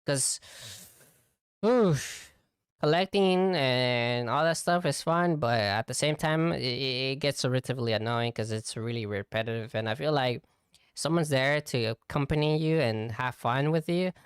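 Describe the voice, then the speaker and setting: A man's voice: mid-range voice, a little slow, clean tone, no room sound, clean studio sound. A young man hosting a casual solo podcast as a VTuber, rambling with lots of fillers.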